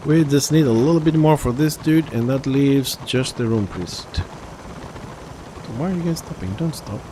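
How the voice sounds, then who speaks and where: A man live-streaming an online game, commenting as he plays, jumping from quiet muttering to excited outbursts. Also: medium pitch, moderate pace, background noise. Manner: excitable, reacts loudly to the game, then mutters to himself.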